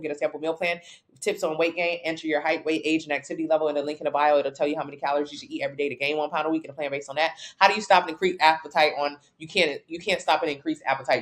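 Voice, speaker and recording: Blunt, brash fitness coach woman. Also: low-pitched. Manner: blunt, brash and jokey, with casual slang and swearing. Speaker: fitness coach answering live chat questions. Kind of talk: casual livestream Q&A.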